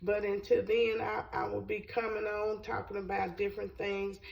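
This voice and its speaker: A woman hosting her own cooking channel, congested, chatting casually to the camera in a slow, rambling way that repeats phrases. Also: mid-range voice, level tone, gravelly, a little mellow, distant mic, lo-fi sound.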